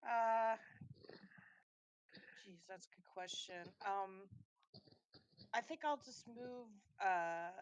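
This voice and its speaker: A woman's voice: medium pitch, slow pace, pauses often, smooth, no room sound, highs cut off. A woman chatting as a player in a tabletop game, hesitant and full of fillers. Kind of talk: casual tabletop chat.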